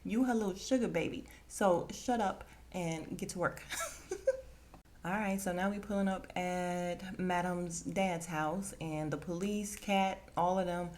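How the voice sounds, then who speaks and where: A woman hosting a podcast, casually recapping a TV episode and acting out the characters' lines with lively, expressive delivery. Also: lowish voice, unhurried. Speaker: podcast host.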